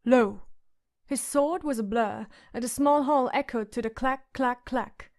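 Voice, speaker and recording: A woman's voice: high-pitched, unhurried. A woman reading a fantasy audiobook with dramatic narration.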